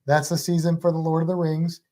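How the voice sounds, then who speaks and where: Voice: mid-range voice, little pitch movement, fast, warm tone. A livestream co-host in casual chat, rambling and restarting sentences while talking eagerly about movies. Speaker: teaches a class about sharks.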